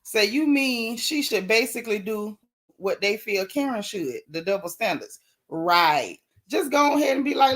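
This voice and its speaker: A woman's voice: a little high, moderate pace. Sassy woman gossiping. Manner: sassy, animated, colloquial storytelling. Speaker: host of a live gossip stream. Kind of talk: casual gossip chat, greeting live chatters.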